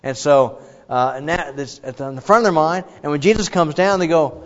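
A man preaching a sermon in a conversational way, with many fillers and restarts. He breaks into loud, high shouts when he acts out the crowd. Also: lively intonation, a little fast. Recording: dull, reverberant hall sound.

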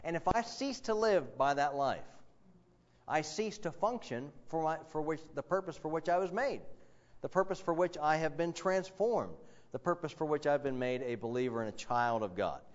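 A man preaching a sermon, earnest and emphatic, with frequent fillers and quick asides to the congregation. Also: on the high side, lively intonation. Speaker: pastor. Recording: dull lo-fi sound.

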